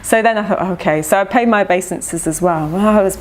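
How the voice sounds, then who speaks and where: A middle-aged woman recounting personal memories of her spiritual teacher in a lively, anecdotal way, often breaking into laughter. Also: mid-range voice, fast, slight background noise. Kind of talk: personal storytelling.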